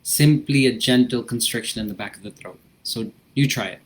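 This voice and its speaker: A man leading a guided breathing lesson, gentle and reflective, often checking in with a "right?" and a soft laugh. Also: medium pitch, fairly quick. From United States. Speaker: breathing and meditation instructor.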